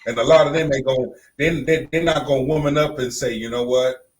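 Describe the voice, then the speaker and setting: A man's voice: fairly high pitch, fairly even intonation, quick pace, poor audio. A man co-hosting a podcast in casual chat, blunt and emphatic, repeating phrases for punch. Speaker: podcast co-host.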